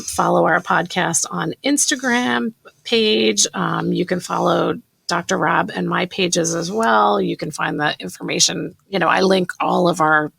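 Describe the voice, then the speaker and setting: A middle-aged woman with a gravelly, husky voice co-hosts a podcast in easy conversation. She is chatty and laughs often. Her voice sits a little low and sounds close and dry. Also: fairly bright tone, dry recording. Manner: chatty, laughs easily, reads testimonials aloud. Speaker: podcast co-host. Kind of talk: casual podcast chat.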